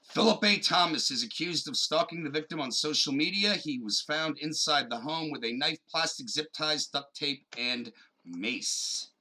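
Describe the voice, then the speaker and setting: A man co-hosting a podcast, animated and joking, swearing freely and dropping jokey asides. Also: fairly high pitch, moderate pace, low-quality recording. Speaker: podcast co-host. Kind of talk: casual chat and mock news reading.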